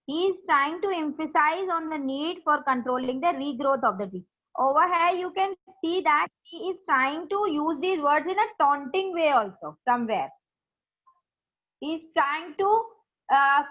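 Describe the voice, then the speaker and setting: A woman's voice: sits high, expressive, unhurried. A woman school teacher with an Indian English accent, teaching an online class and patiently repeating her questions. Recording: dull lo-fi online class audio.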